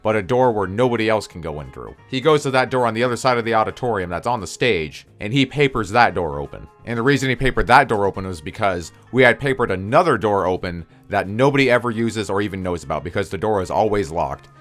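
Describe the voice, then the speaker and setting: Crude, joking young man telling stories. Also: fairly low pitch. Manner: crude, joking, mock-spooky. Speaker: storyteller. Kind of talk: casual story time.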